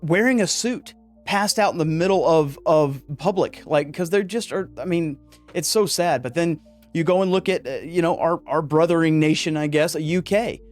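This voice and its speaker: Brief: male podcast host, energetic and fired-up monologue, slightly high voice, joking asides, faint music underneath. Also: normal speed. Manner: energetic, gets worked up, jokey asides. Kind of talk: casual podcast monologue on men's mental health.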